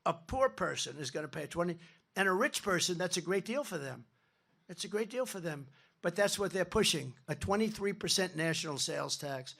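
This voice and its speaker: A man's voice: high-pitched, expressive, fairly quick, gravelly, fairly bright tone. A man in his seventies giving a rambling, boastful campaign speech from a podium at a large rally. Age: 70s. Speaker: political candidate. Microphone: podium mic.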